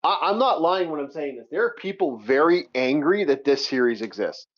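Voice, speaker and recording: Excitable rambling man, muffled audio. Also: a little high, normal speed. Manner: rambling, excitable, frequent restarts and swearing. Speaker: podcast co-host. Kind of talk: casual chat.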